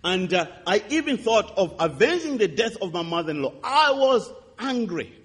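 A man preaching a sermon, telling a testimony with impassioned swings between loud and hushed delivery. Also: sits high, sing-song, fairly quick, breathy edge. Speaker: pastor. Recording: reverberant hall.

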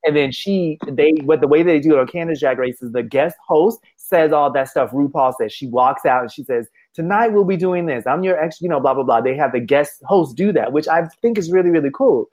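Chatty podcast cohost, rambles on, keeps fixing their words, excited. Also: medium pitch, fairly quick, few pauses. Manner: rambling, self-correcting, enthusiastic. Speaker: podcast co-host. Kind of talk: casual chat.

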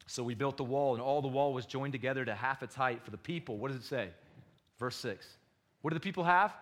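A man preaching a sermon to his congregation, passionate and full of rhetorical questions, swinging between loud bursts and hushed asides. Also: medium pitch, fast talker. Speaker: pastor.

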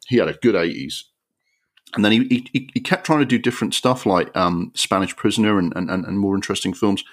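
Deep-voiced man ranting about a film. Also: brisk. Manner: exasperated, sweary, ranting with rising pitch. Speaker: podcast co-host. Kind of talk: casual film review rant.

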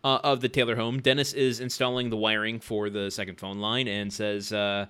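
A man's voice: on the low side, level tone, moderate pace, bright, forceful tone, clear, resonant tone. A man co-hosting a podcast, casually recapping a sitcom episode with frequent uh and um fillers. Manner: recounts plot with frequent uh and um fillers. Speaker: podcast co-host.

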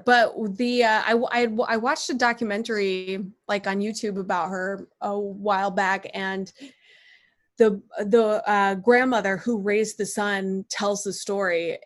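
Chatty woman full of filler words. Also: medium pitch. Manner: chatty, uses 'like' often, stumbles on words. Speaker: podcast co-host. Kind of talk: casual chat.

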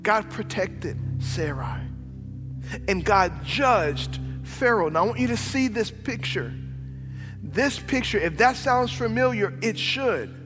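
A high-pitched male pastor preaching an emphatic sermon, moving from loud passages to hushed ones. His voice carries a long hall echo, with soft music playing underneath. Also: animated, slow pace.

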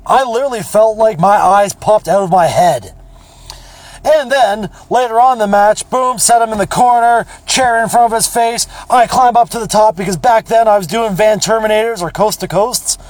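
A man's voice: high voice, normal speed, dry recording. A man hosting a podcast, telling rambling, profane stories in a casual, blunt way. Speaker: podcast host. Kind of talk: casual storytelling monologue.

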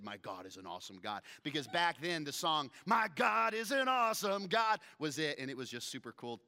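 Speaking at a medium pitch with a smooth voice, this thirty-something pastor delivers a sermon. As an animated storyteller, he recounts a scripture passage humorously and performs each character's lines.

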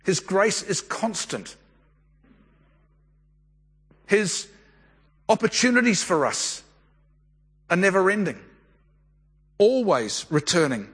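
A man delivers a sermon in an easy, storytelling manner. His voice sits high and a little husky, and it carries a long reverb from a church hall. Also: sing-song, slow, pauses often, a bit bright. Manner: conversational storytelling preacher. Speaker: pastor.

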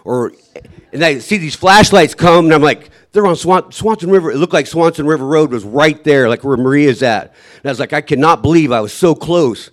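Man, slightly high voice, halting emotional account, restarts, quiet trailing lines. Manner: recounts vividly, acting out his own shouts. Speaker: survivor telling his story.

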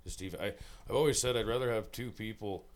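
A man from Saskatchewan, a musician, telling relaxed, rambling, self-deprecating stories in a recording studio. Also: fairly low pitch, quick pace. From Saskatchewan, Canada. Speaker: musical guest, singer-songwriter. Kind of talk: casual storytelling chat.

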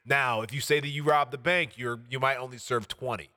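A man's voice: medium pitch, steady tone, fairly quick, bright, forceful tone, long reverb tail. A man talking earnestly and at length in a casual podcast chat, heartfelt and rambling. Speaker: podcast co-host.

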